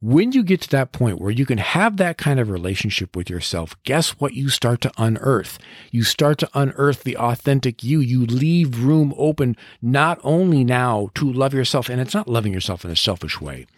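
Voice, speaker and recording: A man's voice: medium pitch, lively intonation, normal speed, dry recording, studio quality. A middle-aged man hosting a motivational podcast, speaking earnestly and encouragingly and sometimes laughing at himself. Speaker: podcast host and coach.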